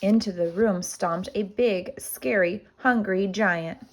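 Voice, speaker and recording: A woman, a kindergarten teacher, reading a storybook aloud to children with expressive storytelling. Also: medium pitch, slow.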